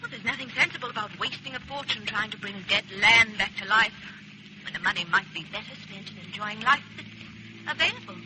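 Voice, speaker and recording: An actress on a hissy 1940s radio drama recording voices a scornful young outback-town woman who offers a lift. Speaking a little fast in a natural, mid-range voice, she sounds cool, worldly, haughty and dismissive.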